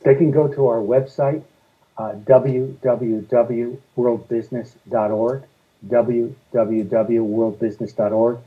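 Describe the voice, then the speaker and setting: Phone-quality sound carries a man's medium-pitched, slow voice. As an energy policy advocate being interviewed, he answers earnestly, steadily and methodically, taking his points one at a time in order.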